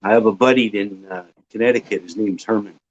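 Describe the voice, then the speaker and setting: A man from Ontario, a guest casually telling a long, rambling anecdote with filler pauses. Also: on the low side, slight background noise. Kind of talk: casual storytelling. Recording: dull lo-fi audio.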